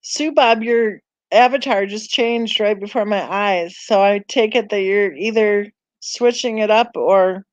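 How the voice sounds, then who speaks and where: A woman's voice: medium pitch, measured pace, hardly any pauses, dry recording, muffled recording. A woman hosting a casual live-stream chat on a true crime channel, rambling and thinking aloud as she browses, sighing and sounding tired.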